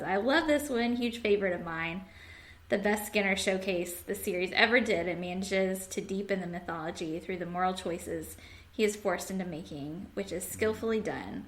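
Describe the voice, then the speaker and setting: A woman hosts a podcast, chatting casually and reading listener comments aloud, laughing often. Her voice sits at a medium pitch and sounds a bit bright.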